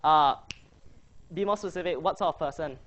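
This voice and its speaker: A man's voice: on the high side, moderate pace, a bit bright. A man coaching a debating workshop, chatty and joking as he quizzes his audience. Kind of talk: casual workshop presentation.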